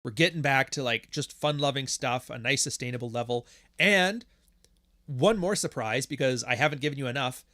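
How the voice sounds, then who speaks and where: A man's voice: medium pitch, fairly bright tone, dry recording. Male podcast host, casual livestream chat, swears freely and rambles, mid-range voice, dry close sound. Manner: profane, rambling, joking.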